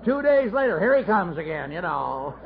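A man's voice: high-pitched, big pitch swings, normal speed, gravelly, a faint crowd. A middle-aged man telling his recovery story at a meeting, folksy and self-mocking with wry humor. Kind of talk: AA speaker talk, storytelling. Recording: dull lo-fi tape recording.

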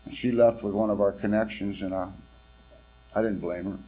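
A man's voice: fairly low pitch, fairly even intonation, moderate pace, lo-fi sound. A man from California giving candid, wry personal testimony at a recovery meeting, rambling with many fillers.

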